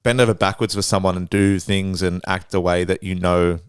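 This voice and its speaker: Aussie guy on a podcast, lowish smooth voice, slangy and swears a lot, animated stories. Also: moderate pace, no echo, clean studio sound. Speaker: podcast co-host. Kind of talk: casual chat.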